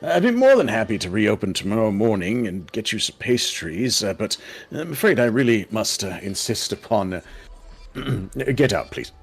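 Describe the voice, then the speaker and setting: A man's voice: fairly low pitch, sing-song, normal speed, creaky, husky, heavily acted. A man voicing a nervous, flustered old male shopkeeper who stammers and stays overly polite in a tabletop game.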